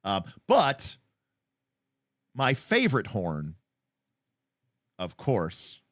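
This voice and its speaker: A man co-hosting a livestream, chatting casually about tabletop games, rambling with lots of fillers and acting out scenes in quick voices. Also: on the low side, huge pitch swings, a bit bright, no echo, clean studio sound. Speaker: livestream co-host.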